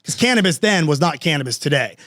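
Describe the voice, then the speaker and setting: A man's voice: on the high side, big pitch swings, fast talker, a bit bright, dry recording, clean studio sound. A man telling a story as a podcast guest, casual and slangy, acting out both sides of conversations.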